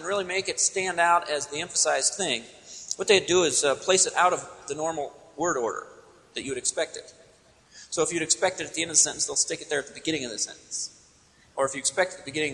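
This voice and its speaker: A man preaching in a church, with a bright, slightly high voice. He teaches emphatically, asking questions and then answering them himself. His voice rings out with a long hall reverb. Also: fast talker. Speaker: pastor. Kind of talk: expository sermon.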